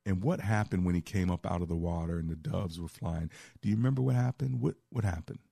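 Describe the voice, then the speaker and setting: A low-pitched, gravelly male pastor hosting a radio call-in show. He teaches scripture in a preacher's cadence and draws quoted verses out slowly. The studio sound is dry and close. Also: mellow, no room sound. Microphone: studio microphone.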